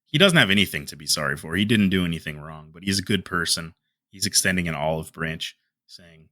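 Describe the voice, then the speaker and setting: A man ranting through heated online commentary, fired up and full of insults. His voice is bright and forward, with a lively pitch that keeps jumping around. The sound is dry and close, with no room around it. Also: fairly quick, no echo. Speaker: commentary YouTuber.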